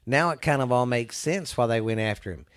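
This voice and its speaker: A man's voice: mid-range voice, a little fast, no echo, clean studio sound. A man in his forties co-hosting a podcast, chatting casually and retelling movie scenes in a rambling, profane way. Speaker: podcast co-host. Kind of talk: casual chat.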